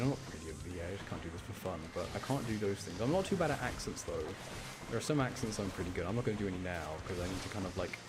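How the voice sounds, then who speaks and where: A young man chatting casually to his live chat while he plays a game, rambling from thought to thought. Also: fairly low pitch. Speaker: live streamer.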